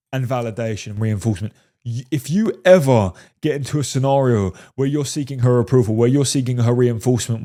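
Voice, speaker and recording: Man coaching "fellas" with steady "right?"s. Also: medium pitch. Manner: profane, repeats "right?" and "fellas". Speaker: dating coach. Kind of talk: casual commentary on film clips.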